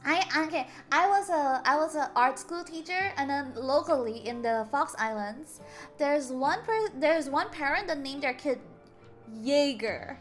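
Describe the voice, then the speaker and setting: Young woman, high voice, game streamer, reads dialogue aloud, stumbles and laughs, faint music behind. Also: moderate pace. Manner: stumbles over words and laughs often; animated storytelling.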